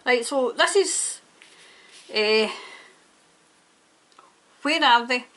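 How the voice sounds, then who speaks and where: Brief: woman tarot reader, high bright pitch, emphatic and fired-up, ranting monologue. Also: very slow. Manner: emphatic, indignant, prone to ranting. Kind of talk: tarot reading monologue to camera.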